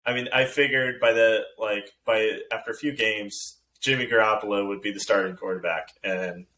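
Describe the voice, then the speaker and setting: A man's voice: lowish voice, fairly even intonation, normal speed, pushed and bright, low-quality recording. A man co-hosting a casual sports podcast, laid-back and opinionated, chuckling as he talks. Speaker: podcast co-host.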